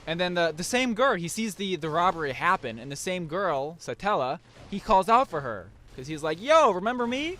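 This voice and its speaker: A man's voice: on the high side, expressive, normal speed, hardly any pauses, sharp tone. A young man hosting a casual chat, rambling through a recap with many restarts and fillers. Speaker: podcast host.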